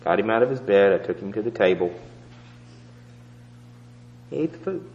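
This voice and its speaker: A male preacher telling a story in a sermon, swinging between loud emphatic peaks and hushed low asides. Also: expressive, moderate pace, in a large hall, muffled recording.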